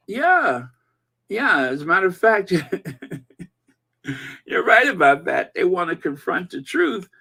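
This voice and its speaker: A man hosting a live-stream commentary, reading viewer comments aloud in an animated, gossipy way. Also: on the high side. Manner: animated and gossipy, breaking into laughter. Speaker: channel host.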